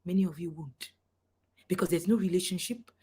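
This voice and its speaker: A woman's voice: on the low side, steady tone, a little fast, mellow, breathy edge. A middle-aged woman, a parent coach giving a passionate motivational talk, swinging between emphatic lines and near-whispers.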